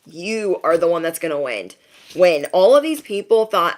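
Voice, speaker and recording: A woman's voice: mid-range voice, expressive, unhurried. A woman doing an intuitive reading for her audience, chatty and sassy, full of slang and frequent "okay?" check-ins. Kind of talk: casual motivational reading.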